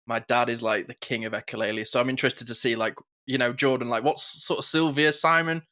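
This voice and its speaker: A man, co-hosting a podcast and telling stories with quick impressions in casual chat. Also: mid-range voice. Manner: animated, quick storytelling with impressions. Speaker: podcast co-host.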